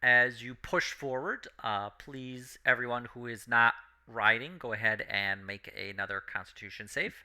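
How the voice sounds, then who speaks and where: A man's voice: mid-range voice, fairly even intonation, normal speed, hardly any pauses, pushed and bright. A man narrating a tabletop game as game master, describing events and calling for saves.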